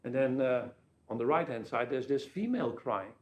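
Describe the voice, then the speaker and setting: A man's voice: mid-range voice, lively intonation, moderate pace, roomy sound. A jet-lagged man giving a conference keynote over a telepresence link, telling anecdotes and jokes. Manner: anecdotal, joking storyteller. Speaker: keynote speaker.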